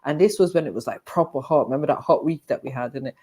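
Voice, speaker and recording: A man's voice: medium pitch, fast talker, over a noisy crowd. A man chatting on a live panel, blunt, swearing and laughing often. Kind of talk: casual panel chat.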